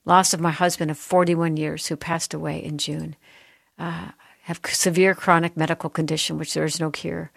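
A woman with a low, gravelly voice hosts a faith-based talk show. She reads listener messages gently and answers with tenderness. The sound is close and dry, like a studio mic. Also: flat delivery, moderate pace, no echo. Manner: gentle, tender, softening at heartfelt moments. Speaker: host. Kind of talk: reading listener texts on a Christian talk show.

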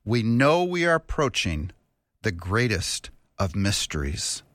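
A man's voice: on the low side, sing-song, measured pace, fairly bright tone, dry recording, clean studio sound. A man doing a solemn, awed astronomer.

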